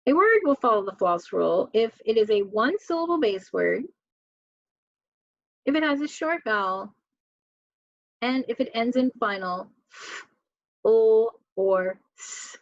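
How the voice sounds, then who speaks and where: A woman's voice: a little high, sing-song, no room sound, lo-fi sound. A woman teacher giving a spelling lesson to children, reading words aloud one by one and asking the class questions. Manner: slow, clear word-by-word reading with questions to students.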